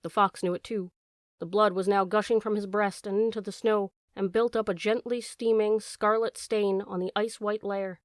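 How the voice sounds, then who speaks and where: A woman reads an animal story aloud in a measured, expressive way. Her voice sits in a middle pitch. The recording is dry and close, with no room echo. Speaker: audiobook narrator. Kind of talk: storybook narration.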